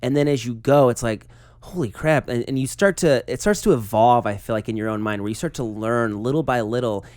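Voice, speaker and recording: A man hosting a casual interview show. His voice is at an ordinary middle pitch and is recorded close and dry, with no room sound. He speaks earnestly and reflectively. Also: a little fast, darkish tone, dry recording. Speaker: host.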